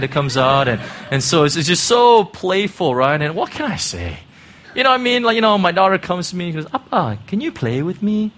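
A middle-aged pastor preaches conversationally, regularly checking in with "right?" and "you know." His voice is mid-range with a fairly bright tone.

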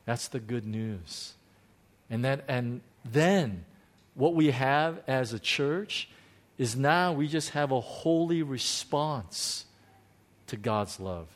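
A pastor preaching a heartfelt testimony sermon, stumbling and restarting, swinging from hushed confession to exclaiming joy. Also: male voice, mid-range voice, lively intonation. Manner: emotional, halting, many restarts, swings between hushed and exclaiming.

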